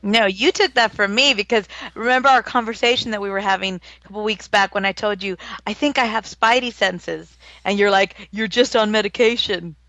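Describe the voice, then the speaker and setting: A woman's voice: mid-range voice, brisk, few pauses, pushed and bright, no room sound, muffled recording. A woman co-hosting a casual live-stream chat, giggly and teasing, talking in a loopy, scattered way. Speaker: co-host.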